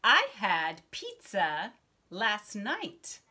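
Slow, lively, bright-voiced young woman teacher. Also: mid-range voice, husky. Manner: slow, bright and encouraging, lots of praise. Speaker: online English teacher. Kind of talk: online lesson with a child.

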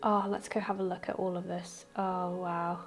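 A woman hosting a casual let's-play, gushing and excitable, with squeals of delight and soft murmurs as she explores. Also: on the low side, moderate pace. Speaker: gaming channel host.

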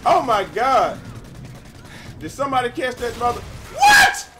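A young man giving casual, profane gameplay commentary with a friend, excitable and breaking into sudden yells. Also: extremely high pitch, normal speed, noisy background. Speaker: gamer playing with a friend. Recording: game gunfire and explosions loud behind voice.

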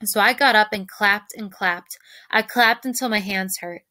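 A woman, a teacher, reading a children's novel aloud to her class in a lively storytelling manner. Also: medium pitch, normal speed, dry recording. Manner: lively, shifts voices for characters.

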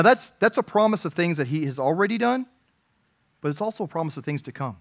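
A man preaching a sermon as pastor, earnest, swinging from emphatic peaks to quiet, personal asides. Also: fairly high pitch.

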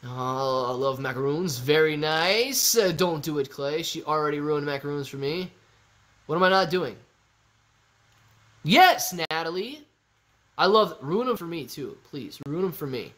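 A young man hosting a casual stock-trading livestream, reading viewer comments in a goofy, animated way that swings between shouting and mumbling. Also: a little high, unhurried.

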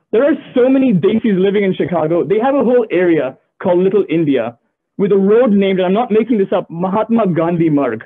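A young man from the Gulf region performs a stand-up comedy set. His voice sits high and moves around a lot as he tells stories with playful asides. It comes through a tinny, phone-like video call connection. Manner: animated storyteller, playful asides. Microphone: video call audio.

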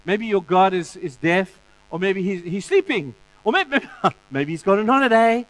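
A preacher doing a sarcastic prophet. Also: male voice, high-pitched, animated, moderate pace, fairly bright tone, a little hiss or hum. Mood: taunting. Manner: sarcastic, taunting. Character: sarcastic, taunting male prophet.

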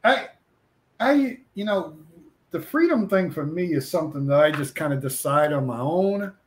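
A man telling lively stories as a guest comic artist in a casual chat, acting out the voices he quotes. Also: on the high side, moderate pace, a little hiss or hum. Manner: animated anecdote teller, acts out quoted voices.

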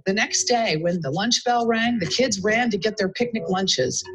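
A woman principal reading a picture book aloud to young children, lively and adding little asides as she goes. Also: medium pitch, moderate pace, faint music behind, rough recording. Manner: animated, chiming in with asides. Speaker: school principal.

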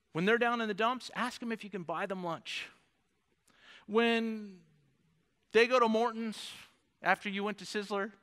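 A male pastor delivers a lively sermon with a very high, bright voice. His tone is smooth and clear, and he acts out the voices he quotes. The sound rings with a long church-hall reverb. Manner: animated preaching, acts out voices of God and David. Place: church sanctuary.

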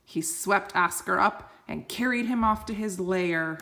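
A woman reading a picture book aloud slowly and gently, explaining words for children. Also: mid-range voice. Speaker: storyteller.

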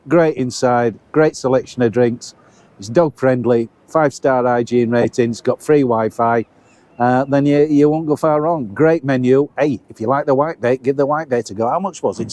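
A man's voice: medium pitch, darkish tone. A middle-aged man, chatting casually to viewers as his mates while reviewing a pub meal on camera. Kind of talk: casual food review vlog. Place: pub dining area.

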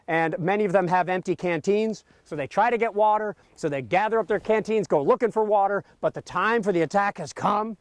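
A man leading an outdoor history tour of a battlefield, telling the story in a lively way and often checking in with "okay?". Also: high-pitched, dry recording. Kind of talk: outdoor history lecture to a group.

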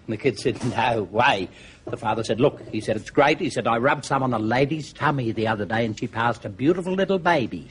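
A man's voice: medium pitch, expressive, a little fast, fairly bright tone, husky. An older Australian comedian telling jokes in a rambling, chuckling way, full of "he said, uh". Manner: rambling, chuckling storyteller with many "he said, uh". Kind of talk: stand-up joke telling. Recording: TV studio with faint noise.

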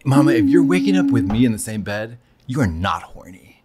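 A man co-hosting a casual comedy chat, campy, with deadpan wisecracks. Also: fairly low pitch, brisk, a loud crowd. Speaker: co-host.

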